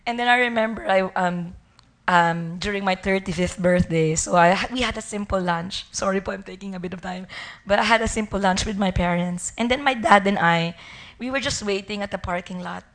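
A woman's voice: mid-range voice, a little fast. A woman in her forties with a Filipino accent gives a personal faith testimony. She is chatty and polite, laughs often, and switches between English and Tagalog. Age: 40s. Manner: polite, peppers speech with respectful particles. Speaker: church member giving testimony.

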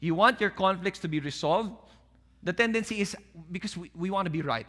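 A man preaching a sermon, animated and direct, dropping to a soft calm voice when he acts out quoted speech. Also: high-pitched, brisk. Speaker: pastor. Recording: long hall reverb.

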